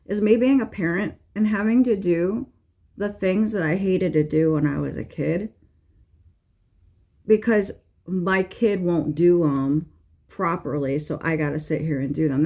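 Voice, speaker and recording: A middle-aged woman, a tarot reader, talks at normal speed in a fairly low, mellow voice. Her casual chat is blunt, exasperated venting laced with frequent swearing, rambling asides, fillers and restarts.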